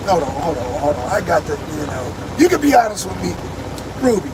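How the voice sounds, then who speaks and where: A man with a high voice talks politics in a loose, rambling, slangy way, speaking straight to his audience. The live stream is noisy, and his faulty mic keeps cutting in. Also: expressive, brisk. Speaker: talk show co-host. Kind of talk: casual political commentary. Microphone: struggling with a faulty mic on a live stream.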